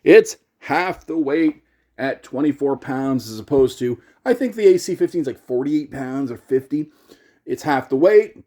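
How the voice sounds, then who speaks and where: A man's voice: medium pitch, animated, moderate pace, mellow. A middle-aged man hosting a casual gear vlog, talking in a chatty, rambling, self-deprecating way. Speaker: YouTuber and pedal demo host.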